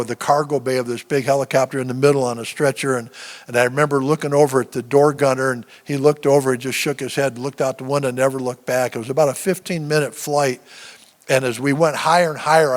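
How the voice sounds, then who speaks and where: Older man, 70s, halting church testimony, mid-pitched voice, long hall reverb. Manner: halting storytelling with many restarts. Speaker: guest speaker, veteran. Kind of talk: personal testimony sermon. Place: church sanctuary.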